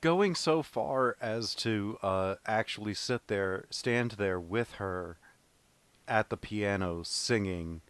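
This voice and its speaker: A man co-hosting a podcast in casual chat, relaxed, laughing often and restarting his sentences. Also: fairly low pitch, slow, smooth. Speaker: podcast co-host.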